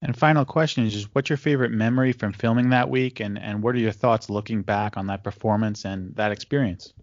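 Low-voiced man reading fan questions. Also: fairly even intonation, brisk, no room sound, lo-fi sound. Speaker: podcast co-host. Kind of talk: casual interview chat.

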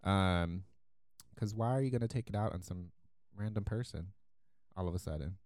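A man co-hosting a podcast, telling a story in a casual, animated way, laughing often and acting out the people he quotes. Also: low-pitched, moderate pace, dry recording, studio quality. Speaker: podcast co-host.

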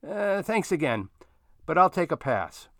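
A man's voice: a little high, big pitch swings, measured pace, no room sound, studio quality, pitched above the performer's own voice. A man voicing a courteous, slightly curt older man who acts as unofficial mayor of his street.

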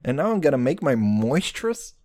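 A young man doing a rambling, profane comic monologue, jumping between voices and pitches as he riffs. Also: brisk. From Israel. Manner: profane, excitable, riffing with sudden jumps in pitch.

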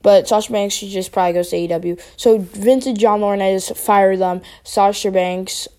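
A woman's voice: mid-range voice, steady tone, moderate pace, dark tone. A woman giving a rambling, casual opinion rant as a wrestling vlogger, full of fillers and restarts.

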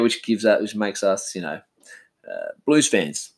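A man's voice: on the low side, lively intonation, measured pace, vocal fry. Laid-back Australian man rambling at home. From Western Australia. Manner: rambling, laid-back, swears casually, says man a lot. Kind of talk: casual solo chat. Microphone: omnidirectional mic.

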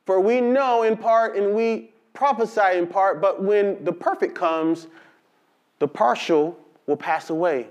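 A man preaching a sermon, reading scripture slowly and telling lively stories with call-and-response. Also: high-pitched, muffled recording. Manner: animated storytelling with call-and-response to the congregation; slow, drawn-out emphasis on scripture. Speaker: pastor.

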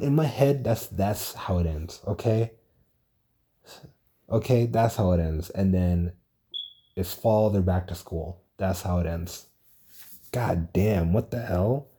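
A young man talking alone on a casual podcast, rambling and excitable, swearing a lot as he retells a story. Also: low-pitched, breathy edge. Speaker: podcast host. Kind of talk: casual solo podcast monologue.

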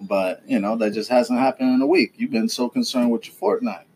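A man's voice: mid-range voice, steady tone, brisk, darkish tone, slight background noise. A man hosting a casual home podcast with his child, teasing and lecturing in a fatherly way. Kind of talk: casual family chat.

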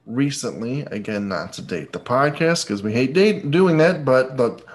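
A man's voice: medium pitch, animated, normal speed. A man co-hosting a casual movie podcast, rambling and joking, swearing freely. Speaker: podcast co-host.

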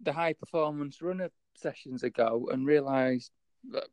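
A man's voice: medium pitch, normal speed, a little mellow, dry recording. A man with a Yorkshire accent co-hosting a casual podcast, rambling and hesitant with many fillers. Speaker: podcast co-host.

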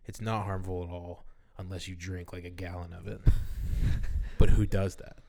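A man's voice: sits low, flat delivery, measured pace, creaky, warm tone. Laughing young man telling stories. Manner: storytelling, laughs often. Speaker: podcast co-host. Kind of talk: casual chat.

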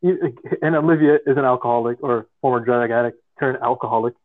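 A man's voice: medium pitch, fast talker, no echo. Man, podcast co-host, casual chat, tinny phone-line sound, dry.

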